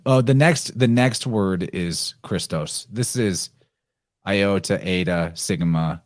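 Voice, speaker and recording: A man hosting a podcast, reading old prophetic verse aloud in a slow, solemn way and explaining it. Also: deep voice, no room sound, studio quality. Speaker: podcast host.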